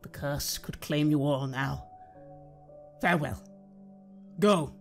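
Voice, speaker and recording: A man's voice: fairly high pitch, takes it slowly, soft background music. A man voicing an old male vampire hunter who gives stern, urgent commands. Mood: solemn farewell. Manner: urgent shouting.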